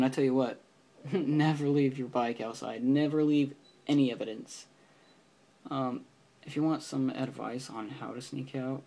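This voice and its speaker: A man's voice: medium pitch, vocal fry, dark tone. A teenage boy telling a story in a casual vlog, rambling with lots of fillers and restarts. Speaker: vlogger.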